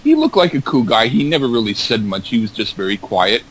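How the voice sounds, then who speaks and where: A man's voice: medium pitch, sing-song, brisk, breathy edge, rough recording. A man in casual chat, rambling through anecdotes with stammered repeats and acted-out quotes.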